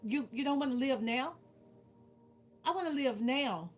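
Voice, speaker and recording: A woman tarot reader with a high-pitched, animated voice speaks unhurriedly, giving a casual spiritual pep talk. She's preachy and keeps tacking on "right?"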